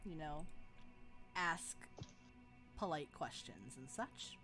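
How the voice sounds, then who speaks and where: A woman game master describing scenes in a tabletop game, slow and unhurried with many ums. Her voice sits slightly low, and soft music plays faintly underneath. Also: lively intonation.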